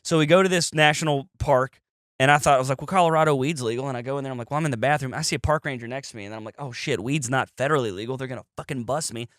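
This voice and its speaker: A man's voice: mid-range voice, racing, no room sound, studio quality. A young man hosting a podcast, telling a story in casual, profane chat and acting out the quotes in other voices. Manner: animated, profane, acts out quotes in shifting voices. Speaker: podcast host.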